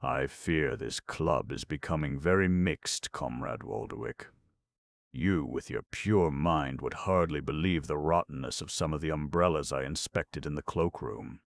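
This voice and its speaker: A man voicing a suave, unflappable young gentleman who talks in a florid, mock-formal way. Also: very deep voice, measured pace, no echo, studio quality. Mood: mock-solemn.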